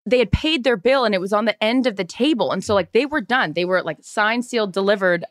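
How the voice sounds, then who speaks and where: A woman's voice: medium pitch, fast talker, dry recording, clean studio sound. A woman co-hosting a casual podcast, telling stories with lots of acted-out quotes and the occasional swear word. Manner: animated storyteller acting out quotes. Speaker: podcast co-host. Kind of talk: casual chat, storytelling.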